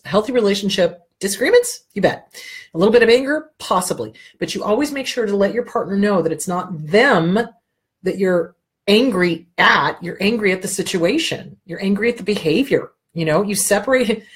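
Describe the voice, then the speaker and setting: A woman's voice: mid-range voice, slightly rough. A middle-aged woman with a cold, giving blunt, emphatic relationship advice in casual talk and swearing freely. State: has a cold.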